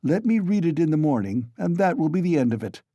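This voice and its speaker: A man's voice: on the high side, sing-song, brisk, warm tone, no echo, studio quality, voice pushed up. A man voicing a feverish, irritable young man. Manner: agitated, insistent.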